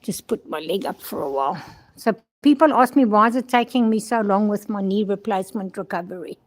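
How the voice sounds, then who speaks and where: A woman's voice: medium pitch, fairly quick. An older woman from South Africa chatting casually in a vlog outdoors at a horse stable, rambling and talking fondly to her horses, recorded on a handheld phone. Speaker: vlogger.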